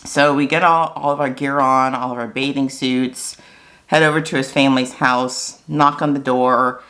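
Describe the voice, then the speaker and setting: American woman, vlogger, chatty, animated, talks straight to camera. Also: very deep voice, moderate pace. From United States. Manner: chatty and animated, with fillers and asides. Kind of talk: casual chat to camera.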